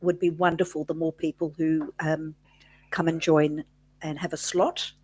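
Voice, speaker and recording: An Australian woman with a slightly low, husky voice co-hosts a casual live stream. She chimes in cheerfully, and her sound is dry and close. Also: level tone, measured pace, a little mellow, no room sound. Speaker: co-host of a live chat stream.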